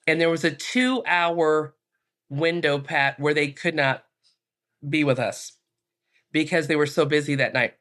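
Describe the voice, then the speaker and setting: A woman, a minister and podcast guest, calmly telling a personal story with frequent fillers. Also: deep voice, measured pace. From United States.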